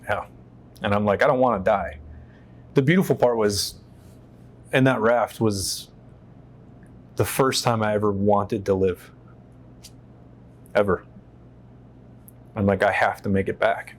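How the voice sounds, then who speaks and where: A man from the United States tells his story as an interview guest, speaking in a fairly low voice. His telling is animated and profane, and he acts out the lines of the people he quotes. He is seated on a stage inside a shop. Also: a little slow, pauses often.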